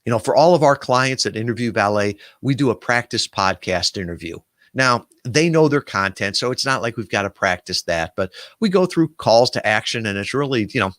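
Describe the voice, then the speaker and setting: A man's voice: on the low side, normal speed, no room sound. Dry-voiced man giving casual advice. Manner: animated storytelling with fillers. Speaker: podcast booking agency owner.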